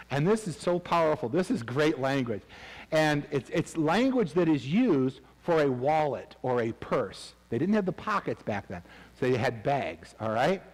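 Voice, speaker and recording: Animated pastor preaching in a reverberant church. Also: male voice, on the high side. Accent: New England. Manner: animated preaching, shifts between loud and hushed. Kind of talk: sermon. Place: church sanctuary.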